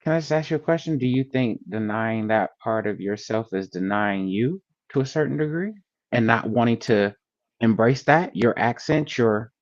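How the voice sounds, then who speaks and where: A man's voice: mid-range voice, normal speed, dry recording, dull audio. A man in a casual group discussion, pressing another speaker with probing questions. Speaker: discussion panelist.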